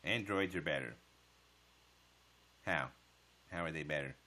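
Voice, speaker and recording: A man's voice: very deep voice, a little slow, sharp tone. A man chatting casually on a livestream, answering viewer comments with profane smart-aleck jokes.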